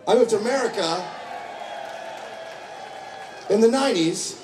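A man's voice: high-pitched, lively intonation, unhurried, roomy sound, far from the mic, background noise. A man in his forties giving a crude, joking speech to a crowd. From Scottish parents, raised in England and Canada. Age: 40s. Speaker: public speaker.

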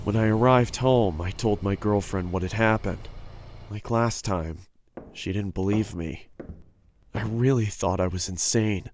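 A man's voice: fairly low pitch, measured pace, darkish tone, a little hiss or hum, close to an everyday voice. An actor narrating a horror cartoon as a frightened male construction worker, earnest and uneasy. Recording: music playing behind.

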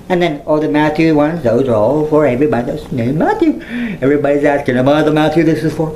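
A man's voice: a little high, sing-song, normal speed, dark tone, slight background noise, poor audio. Playful sing-song man chatting. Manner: playful, sing-song, giggly, mimics voices. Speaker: YouTuber. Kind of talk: casual livestream chat.

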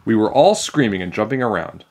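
A man reading a children's chapter book aloud in a playful, animated way. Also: fairly low pitch, a little fast. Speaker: storybook reader.

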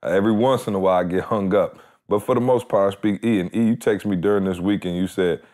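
A man's voice: deep voice, fairly even intonation, fast, a little mellow. A man co-hosting a podcast, joking around and telling stories in a laid-back way. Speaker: podcast co-host. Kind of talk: casual podcast chat.

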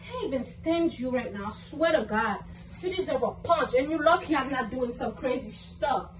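A young woman with a very high voice argues angrily, swearing and repeating her lines as her temper climbs. She sounds a little way off from the mic in an echoey room, with faint noise behind her. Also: lively intonation, moderate pace, far from the mic. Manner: angry, cursing, repeats herself, rising to shouts. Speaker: vlogger, girlfriend in a prank video. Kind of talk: heated casual argument.

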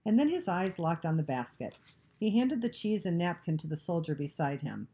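A woman reading a novel aloud, narrating in a steady, even way. Her voice sits very low for a woman, with a warm, mellow tone. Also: normal speed.

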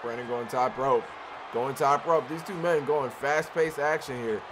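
A man calls a wrestling video game match play-by-play at middle pitch, excitable and quick to shout when a big move lands. A clear layer of noise runs under the home recording.

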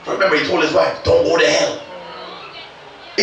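A pastor preaching a sermon, calling out to the congregation and swinging from quiet storytelling to shouted peaks. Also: male voice, mid-range voice, fairly even intonation, measured pace, gravelly. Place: church sanctuary. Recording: echoey church hall, distant mic.

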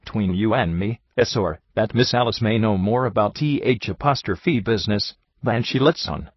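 Low, husky Irish cop, gruff and folksy, as a man plays him. dull dry audiobook sound. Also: moderate pace, no echo. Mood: confiding. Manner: folksy, drawling, dropped g's. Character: gruff Irish police sergeant, middle-aged man.

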